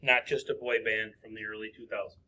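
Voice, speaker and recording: A man's voice: on the low side, level tone, a little fast, pushed and bright, slight background noise. A man teaching a recorded math lesson, working through problems step by step and asking himself questions aloud before answering them.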